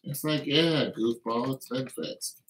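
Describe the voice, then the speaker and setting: A man's voice: slow pace, a bit bright, a little hiss or hum. A man hosting a casual livestream, rambling and joking in a mocking tone. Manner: joking, mocking, breaks into laughs and silly high voices. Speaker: livestream host. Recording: echoey room.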